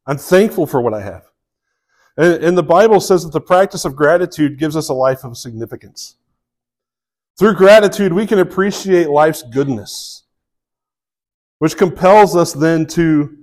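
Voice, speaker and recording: A man with a Southern US accent preaching a sermon to a live congregation, telling a story in a relaxed way with many fillers. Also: on the high side, a little slow, pauses often. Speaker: pastor.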